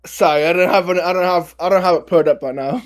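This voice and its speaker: A man playing in a tabletop game who chats casually and restarts his sentences often. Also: high-pitched. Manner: halting, repeats himself as he starts sentences. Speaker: player. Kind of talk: casual chat.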